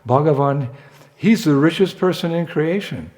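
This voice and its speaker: A man's voice: on the high side, moderate pace, a little mellow, natural voice. A man doing a learned monk lecturing. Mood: explaining.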